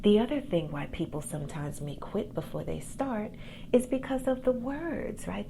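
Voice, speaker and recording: A woman hosting a podcast, giving a calm, soft-spoken motivational pep talk about faith and gifts as a coach. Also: mid-range voice, gravelly, noisy background. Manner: faith-based encouragement. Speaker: podcast host and accountability coach.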